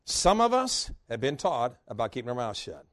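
With a mid-range voice and moderate pace, a man preaches in church, recounting folksy stories from his life in an animated manner and bursting into laughter.

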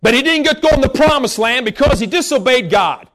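Male preacher, very high voice, emphatic, scolding sermon, bursts into shouts. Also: lively intonation, quick pace.

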